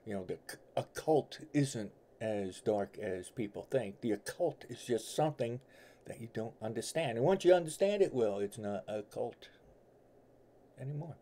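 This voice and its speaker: Hosting a tarot livestream from his home, this middle-aged tarot reader rambles folksily in casual chat with viewers, his accent blending New York and the American South. He speaks on the low side, a little slowly, with a dark tone.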